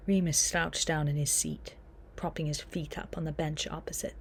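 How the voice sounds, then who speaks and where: A woman narrating an audiobook in a steady storytelling manner. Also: low-pitched, normal speed, slightly rough.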